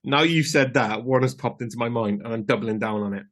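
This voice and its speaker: A man co-hosting a podcast talks in a mid-pitched, ordinary voice. He is blunt and sweary in casual chat and laughs easily along with his partner. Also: a little fast. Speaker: podcast co-host.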